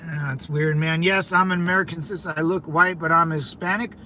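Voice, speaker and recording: A man's voice: on the high side, fairly even intonation, brisk, sharp tone, a little hiss or hum. A man from California hosting a casual livestream, rambling conversationally and talking back to his viewers, with lots of "man" and "dude". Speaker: livestream host.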